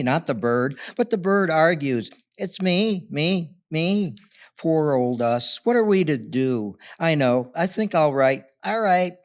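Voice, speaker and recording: Slow, playful male poet. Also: on the high side. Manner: playful, loud, voices quoted characters. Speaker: local poet. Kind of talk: poetry reading.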